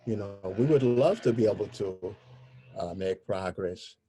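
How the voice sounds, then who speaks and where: A man speaking as an interview guest, telling personal stories in a halting way, often searching for words. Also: lowish voice, mellow.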